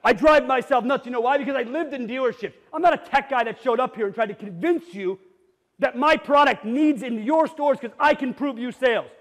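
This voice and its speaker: A middle-aged man giving an energetic conference talk to a live audience, blunt and jokey, sometimes rising almost to a shout. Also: very high-pitched, a little fast. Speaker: conference speaker. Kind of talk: energetic keynote presentation. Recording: reverberant hall.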